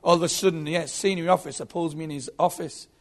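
A man's voice: a little high, fairly even intonation, quick pace. A man telling his own story as a Christian testimony, earnest and often repeating his words. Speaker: former prisoner giving testimony.

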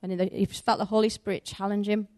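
A woman's voice: mid-range voice, fast talker. Woman preaching a story-filled sermon. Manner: animated, conversational, acts out the story's voices.

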